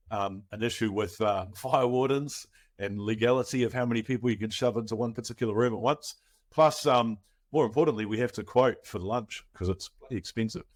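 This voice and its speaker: A man hosting a property webinar, chatty and promotional, with many filler words, on a video call. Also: mid-range voice. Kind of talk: casual webinar pitch.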